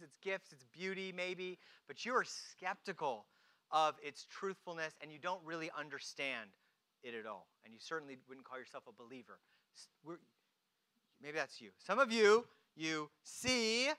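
A preacher delivering a dramatic sermon, swinging between hushed, quiet moments and emphatic, rising lines. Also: medium pitch, smooth.

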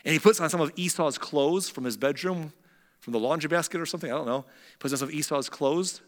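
A man's voice: a little high, fast, big-room sound. A man preaching, casually retelling a Bible story with chatty asides. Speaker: pastor.

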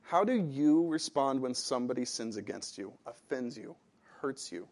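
Animated man preaching a sermon. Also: mid-range voice, normal speed. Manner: animated, conversational preaching with audience questions. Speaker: pastor.

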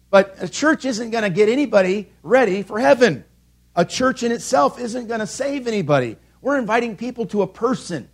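A pastor with a high, husky voice delivers a sermon from a church pulpit. He presses his points with repeated calls and rhetorical questions, his voice rising and falling as he drives each line home.

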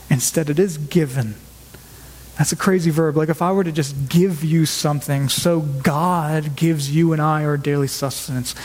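A man preaching a sermon as pastor, speaking earnestly and emphatically and often repeating words for stress. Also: high voice. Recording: long hall reverb.

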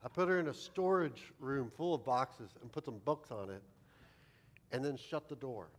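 A male pastor tells a childhood story in a sermon with a self-deprecating, humorous touch. His voice sits in an ordinary middle pitch for a man. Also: normal speed.

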